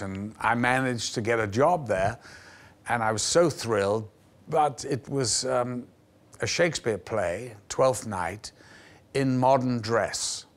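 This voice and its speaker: A man's voice: medium pitch, slow. Older man telling stories with relish. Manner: vivid, acts out the voices in his stories. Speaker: actor guest. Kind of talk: anecdotal storytelling in a TV interview. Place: television studio.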